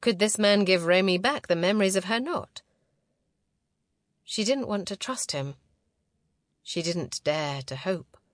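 A woman reading a novel aloud as narrator, in a measured, close and intimate way. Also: mid-range voice, no room sound. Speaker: audiobook narrator. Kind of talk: scripted narration.

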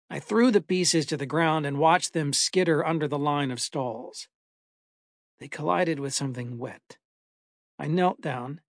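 A man reading a first-person horror story aloud in a measured, dramatic way. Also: fairly high pitch, no room sound, studio quality. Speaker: narrator. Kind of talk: scripted horror story narration.

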